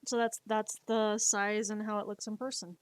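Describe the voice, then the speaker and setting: A woman's voice: mid-range voice, level tone, normal speed, clean tone, dry recording. A woman streamer and artist chatting casually on a live stream, playfully scolding her cat between topics.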